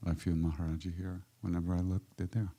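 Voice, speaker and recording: An older man from the United States answering audience questions, telling reflective stories in an unhurried way with emphatic bursts. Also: low-pitched, flat delivery. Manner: unhurried, warm-hearted anecdotes with emphatic bursts. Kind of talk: reflective storytelling.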